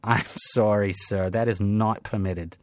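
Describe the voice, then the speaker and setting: A man's voice: lowish voice, fairly even intonation, a little slow, no room sound, voice pushed down, natural voice. A man voicing a breezy, prim heavenly receptionist. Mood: chirpy formal. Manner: prim, breezy, scripted politeness. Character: female receptionist, sweetly officious, polite.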